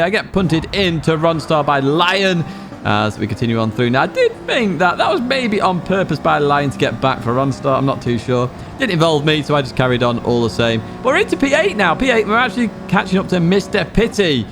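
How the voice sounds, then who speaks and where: A man's voice: fairly high pitch, very animated, brisk, over music. A man hosting a racing game guide, giving upbeat, instructive commentary with jokey asides. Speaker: gaming channel host. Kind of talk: race guide commentary over gameplay.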